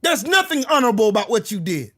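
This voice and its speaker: Fast-talking and swinging widely in pitch, this host of a political commentary channel has an unusually high, piercing voice with a bright, sharp edge. He curses constantly and bursts into shouting. His rant never lets up, staying confrontational throughout.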